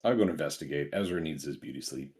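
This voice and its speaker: A man's voice: very deep voice, quick pace, darkish tone. A man playing a tabletop game, talking casually and rambling with restarts. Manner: rambling, hesitant, repeats himself. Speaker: player.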